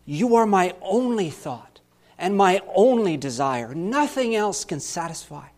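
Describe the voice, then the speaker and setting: A man voicing an anguished male psalmist in a dramatic scripture reading, impassioned, swinging between loud pleas and hushed lows. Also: sing-song, measured pace.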